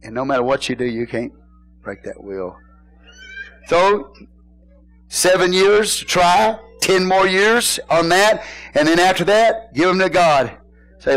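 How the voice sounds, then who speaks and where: Pastor, middle-aged man, slightly high voice; folksy sermon with call-and-response and shouted emphasis. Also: animated, a little slow, pauses often, low-quality recording. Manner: preaches with call-and-response questions to the congregation; casual folksy phrasing, bursts into shouted emphasis.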